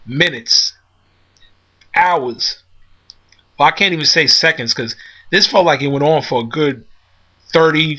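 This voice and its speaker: A man's voice: on the high side, pushed and bright. A man casually telling a personal story, rambling with many fillers and restarts. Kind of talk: casual spoken anecdote. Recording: dull lo-fi recording.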